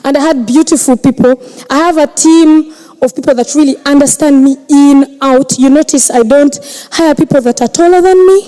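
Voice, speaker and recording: A woman's voice: high-pitched, moderate pace, dark tone, rough recording. A woman comedian answering audience questions on stage in a joking, self-deprecating conversational way.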